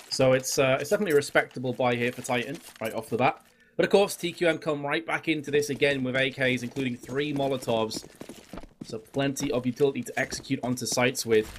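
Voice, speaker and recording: A man's voice: medium pitch, a little hiss or hum. A man giving color commentary on an esports match with dry, teasing banter. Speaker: esports analyst.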